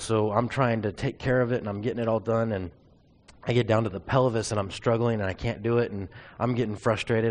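A man's voice: fairly low pitch, darkish tone. A man preaching a sermon, telling a personal testimony in an earnest, confessional storytelling way.

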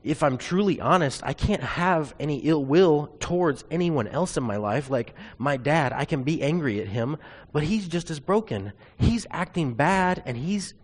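A man's voice: a little high, animated, moderate pace. A man preaching a sermon, telling a personal testimony in an earnest, confessional storytelling way.

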